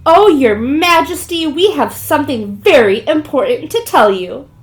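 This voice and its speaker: An earnest, fussy goose from a children's storybook, voiced by a woman reading aloud. She sounds eager and high-pitched, with a lively, swooping voice. Her delivery stays slow and careful.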